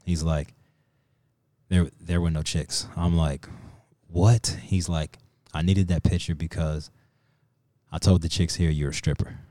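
A man's voice: sits low, unhurried, pauses often, dry recording, studio quality. A man on a podcast, casually telling a profane story and acting out what people said. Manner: profane, animated storyteller who acts out quotes. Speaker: podcast co-host.

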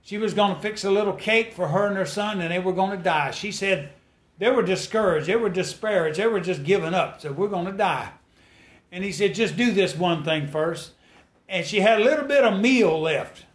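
High-voiced preacher, fervent and folksy. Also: male voice. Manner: folksy, repeats phrases, rises to fervent exhortation. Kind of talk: sermon.

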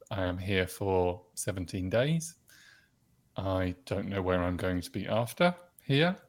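Reflective man with a low voice. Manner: reflective, laughs often, drawn-out phrasing. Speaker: podcast co-host. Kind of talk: casual chat.

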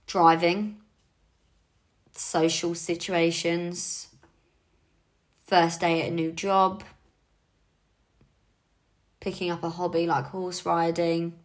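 A woman's voice: lowish voice, little pitch movement, slow pace, pauses often. A young woman leading her team in a casual motivational talk, chatty and encouraging, with frequent fillers. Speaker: team leader.

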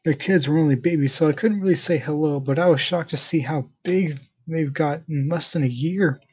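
A man reading a first-person story aloud in a plain, steady manner, in a dull lo-fi recording. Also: a little high, moderate pace, slightly rough.

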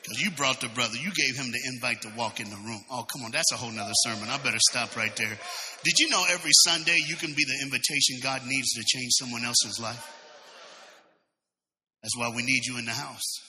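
A man preaching a sermon in an animated way, breaking into shouts and laughing asides, recorded in a church. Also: mid-range voice, brisk, slight background noise. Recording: reverberant church sanctuary sound.

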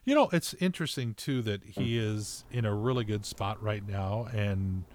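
A man's voice: on the low side, normal speed. A man co-hosting a podcast, chatting casually and rambling a little about movies and shows he means to watch. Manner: relaxed, rambling with fillers and restarts. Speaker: podcast co-host. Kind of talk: casual chat.

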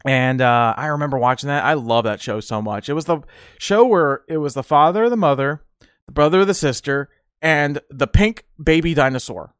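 Man, podcast host, rambling casual chat, laughing, smooth, dry sound. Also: on the high side, lively intonation, moderate pace, fairly bright tone, no echo. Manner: rambling, laughs often, many fillers.

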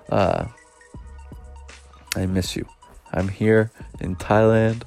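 A man's voice: fairly low pitch, moderate pace, a little mellow, soft background music. A man, hosting a solo podcast in a rambling, chatty way and laughing often. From United States. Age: 20s. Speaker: podcast host. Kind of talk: casual solo podcast monologue.

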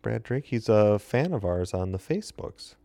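A man's voice: on the low side, big pitch swings, moderate pace, gravelly, dark tone, no room sound. A man co-hosting a casual podcast, trading dry quips and telling wrestling anecdotes. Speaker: podcast co-host, former wrestler. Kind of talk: casual chat.

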